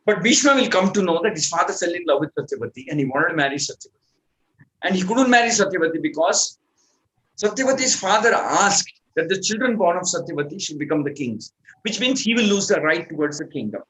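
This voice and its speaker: Male scripture teacher, fairly high voice, conversational storytelling lecture. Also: animated, quick pace, fairly bright tone, low-quality recording. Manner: conversational, repeats points and restarts.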